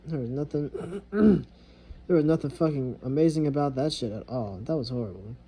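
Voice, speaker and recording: Dark husky young man venting. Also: medium pitch, normal speed, rough recording. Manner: frustrated, rambling, heavy swearing. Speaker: vlogger. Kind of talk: casual venting monologue.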